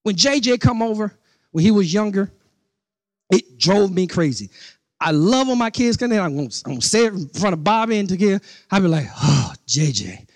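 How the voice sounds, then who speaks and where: High-voiced man preaching with animation. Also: a little fast, no room sound. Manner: animated preaching with rising outbursts and repeated phrases; conversational asides to the congregation. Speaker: pastor. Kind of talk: sermon.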